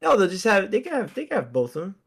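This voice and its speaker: A man co-hosting a gaming podcast, talking casually and haltingly, often repeating words. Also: high voice, huge pitch swings, gravelly, a bit bright, husky. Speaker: podcast co-host. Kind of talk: casual chat.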